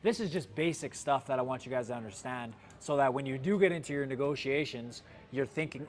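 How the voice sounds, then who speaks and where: A man leading a sales training session for his dealership team, talking in an energetic coaching way with lots of "right?" and "like". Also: medium pitch, quick pace, few pauses, a little hiss or hum. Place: car dealership.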